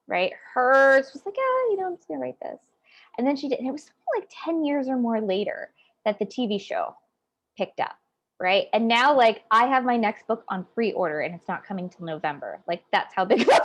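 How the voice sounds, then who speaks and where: A woman guest speaking as a psychic in a casual interview, animated, swinging from loud emphasis to quiet asides. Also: on the high side, moderate pace.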